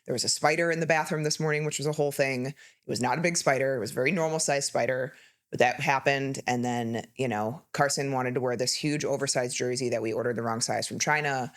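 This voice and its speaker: A woman's voice: rumbling low, fast talker. A woman in her thirties co-hosting a podcast, telling candid, rambling stories in casual chat. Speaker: podcast co-host.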